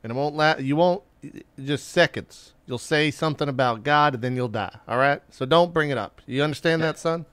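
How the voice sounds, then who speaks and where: A man's voice: on the high side, moderate pace, few pauses, a bit bright, smooth, no room sound, close to an everyday voice. Man doing a foul-mouthed ship captain. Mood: threatening. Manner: swearing, threatening, blunt.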